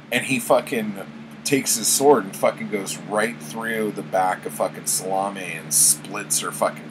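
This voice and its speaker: A man giving a casual spoken recap of a book, rambling, swearing freely and filling pauses with "um" and "like". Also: deep voice, background noise. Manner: rambling, full of fillers and swearing. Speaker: book vlogger.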